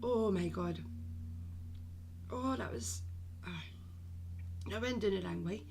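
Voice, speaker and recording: A woman's voice: medium pitch, slow, vocal fry, darkish tone, slight background noise. A woman hosting a live stream as a medium, chatting casually with viewers and calling them "my darling".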